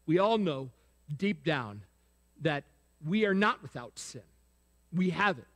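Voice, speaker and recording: Slow and expressive, this preacher's voice is a little high and a bit bright. Throughout his sermon in a church sanctuary he repeatedly questions the congregation and urges them to respond, all under the sanctuary's long reverb.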